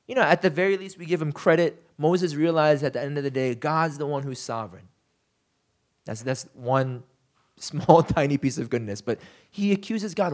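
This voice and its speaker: A man's voice: fairly high pitch, animated, moderate pace. A man preaching a conversational sermon, telling the story casually with lots of fillers and acting out quoted lines. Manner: acts out quoted lines in shifting voices. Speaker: pastor.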